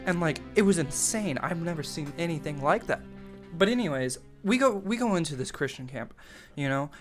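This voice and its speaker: A young man telling a rambling, profane story from his teens in a casual storytime vlog, full of fillers and restarts. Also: on the high side. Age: young adult. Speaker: storytime vlogger.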